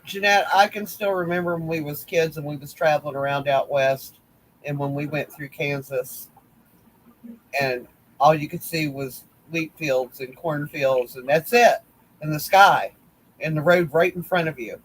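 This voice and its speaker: A man's voice: fairly high pitch, moderate pace, poor audio. Folksy man telling stories. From West Virginia. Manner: rambling storyteller, folksy, teasing. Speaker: crochet group admin. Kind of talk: casual livestream chat.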